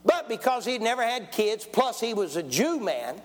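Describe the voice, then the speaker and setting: High-voiced preacher in a reverberant hall. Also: male voice, very animated, normal speed. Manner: folksy storytelling, calls for amens. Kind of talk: sermon testimony. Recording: long church hall reverb.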